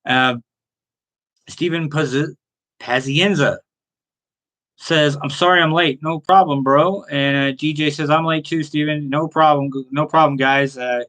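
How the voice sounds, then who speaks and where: A man with a slightly higher voice hosts a live stream. He rambles through chat comments and stories in a loose, animated way, with plenty of fillers along the way. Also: measured pace. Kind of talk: casual chat.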